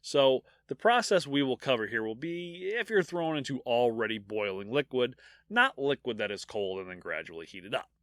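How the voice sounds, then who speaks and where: A man co-hosts a podcast and recounts dark history like a campfire story, cracking jokes at the grisly parts. His pitch swoops all over as he talks. His voice is bright and sits dry and close to the mic. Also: normal speed, no room sound. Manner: animated storyteller, jokes about grim details. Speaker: podcast co-host.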